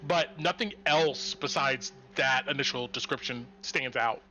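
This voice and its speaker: A man narrating a tabletop game as game master, describing scenes in a measured way with frequent fillers. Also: medium pitch, bright, forceful tone.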